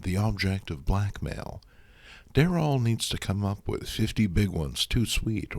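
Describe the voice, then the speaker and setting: Wry lively man reviewing old comics. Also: on the low side, dry recording. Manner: wry, sarcastic. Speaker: host. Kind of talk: comic book review narration.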